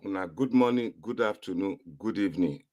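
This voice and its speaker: Deep-voiced Nigerian man in Pidgin. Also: a little fast, darkish tone. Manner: emphatic, repetitive, addresses viewers as "my people". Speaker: online political commentator. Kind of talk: casual direct-to-camera commentary.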